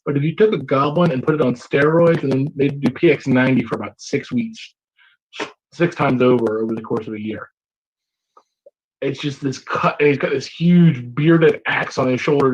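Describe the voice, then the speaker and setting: A man running a tabletop game as game master, describing scenes with energetic storytelling. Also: mid-range voice, moderate pace, breathy edge, highs cut off. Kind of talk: narrating and voicing a tabletop game.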